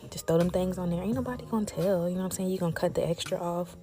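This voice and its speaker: A woman's voice: fairly low pitch, very fast, music in the background. A young woman, chatting casually to her viewers as she cooks, calling them y'all. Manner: chatty, talks straight to viewers, calls them y'all and besties. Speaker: cooking creator. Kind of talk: casual cooking vlog chat.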